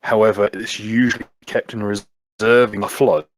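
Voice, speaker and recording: Low-voiced man running a tabletop game. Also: fairly even intonation, normal speed, no room sound. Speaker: game master.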